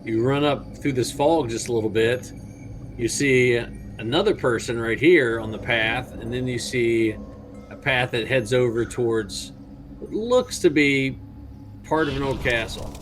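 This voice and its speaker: A man narrating as game master, relaxed and halting, with fillers. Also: mid-range voice, faint music behind, low-quality recording. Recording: faint background noise.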